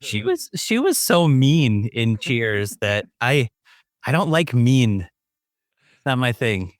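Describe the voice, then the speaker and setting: A man's voice: medium pitch, sing-song, dry recording, studio quality. Playful laughing man on a podcast. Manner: playful, quick to laugh, self-deprecating. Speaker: podcast co-host. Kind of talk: casual chat.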